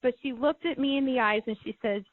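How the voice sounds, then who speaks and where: A woman's voice: high voice, quick pace, no room sound. A middle-aged woman, a podcast guest, earnestly telling a personal story and repeating words when moved. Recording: thin phone-like line, dry.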